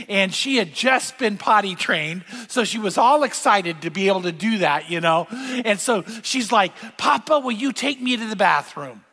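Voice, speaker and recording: A man's voice: high-pitched, sharp tone. An older man preaching a sermon, telling stories and asking the congregation questions. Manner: storytelling, asks the audience questions. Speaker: pastor. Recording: long hall reverb.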